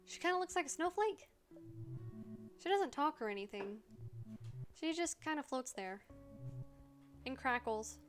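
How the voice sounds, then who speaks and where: A woman's voice: sits high, lively intonation, a little slow, long pauses, faint music behind. A woman voicing an earnest, friendly ghost puppy from a game, in a chirpy, slightly clumsy way. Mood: eager. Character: friendly, eager ghost puppy named Dave. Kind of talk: reading a game's dialogue aloud.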